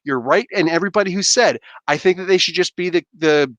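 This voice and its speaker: A man in his thirties hosting a casual livestream chat from home on a headset mic, rambling and animated with lots of fillers and restarts. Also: high voice, quick pace, no echo, highs cut off. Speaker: livestream host. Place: home room. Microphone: gaming headset.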